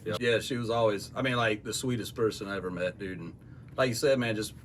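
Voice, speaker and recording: Man, low voice, quiet affirming co-host, faint hiss behind. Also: quick pace. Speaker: podcast co-host. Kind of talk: casual chat.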